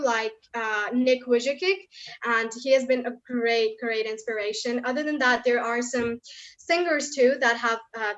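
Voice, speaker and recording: A woman's voice: a little high, fairly bright tone. A young woman from India answering questions candidly in an online session, her voice strained from long talking. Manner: candid, chatty, heavy use of fillers. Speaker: motivational speaker guest. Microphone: video call. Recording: slightly muffled video call audio.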